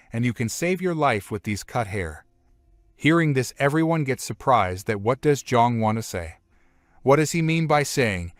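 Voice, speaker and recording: A man's voice: medium pitch, no room sound, studio quality. A man steadily retelling a comic story as a scripted recap narrator, in plain, simple phrasing.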